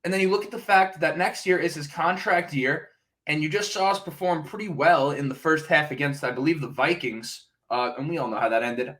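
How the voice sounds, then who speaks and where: A man's voice: fairly high pitch, brisk, a bit bright. A man hosting a podcast, giving casual fan commentary and thinking aloud, often hedging with "right?" and "uh". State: sipping coffee, brief cough. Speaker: podcast host.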